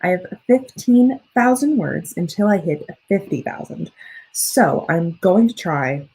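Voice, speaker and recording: A woman's voice: on the low side, expressive, a little slow, creaky, mellow, breathy edge, poor audio. A young woman hosting a casual livestream, chatting with viewers and reading their comments in a rambling, self-correcting way. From United States. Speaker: livestream host and student writer.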